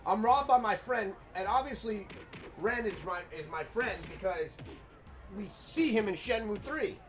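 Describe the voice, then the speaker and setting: A young man giving casual, excitable, rambling game commentary, swearing now and then. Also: high voice, measured pace. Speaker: game streamer. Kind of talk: casual let's-play commentary.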